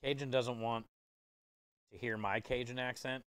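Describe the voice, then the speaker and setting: Laid-back male chef-streamer, smooth clear voice, dry close sound, joking with chat. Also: medium pitch, steady tone, unhurried, a bit bright, no room sound. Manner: easygoing, joking with chat, chuckles often. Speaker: food truck chef and livestreamer. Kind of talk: casual livestream cooking chat.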